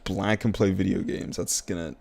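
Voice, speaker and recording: Young man with a low, gravelly voice. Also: steady tone, normal speed, a little mellow. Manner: exasperated, slangy, repeats himself, talks to himself. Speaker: streamer. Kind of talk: casual gaming commentary.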